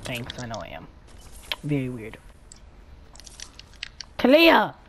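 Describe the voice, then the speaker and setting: A woman chatting casually while gaming with a friend, stammering and breaking into sudden shouts. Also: a bass voice, takes it slowly. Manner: stammering, excitable, shouty outbursts. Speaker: gamer streaming with a friend. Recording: faint background noise.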